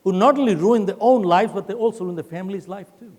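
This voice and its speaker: A man's voice: sits high, fast talker, darkish tone. An older man voicing his blunt, scolding former sales manager in a keynote story. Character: stern older male insurance manager. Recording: long hall reverb.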